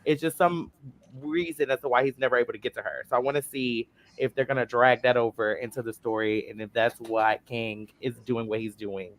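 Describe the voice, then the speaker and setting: A man on a casual group chat, explaining at length in a rambling, animated way. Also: medium pitch, a little fast. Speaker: panelist.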